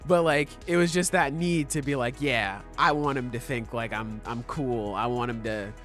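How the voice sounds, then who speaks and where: A young man co-hosting a podcast in casual chat, excitable and swearing, with lots of fillers. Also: medium pitch, moderate pace, faint music behind. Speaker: podcast co-host.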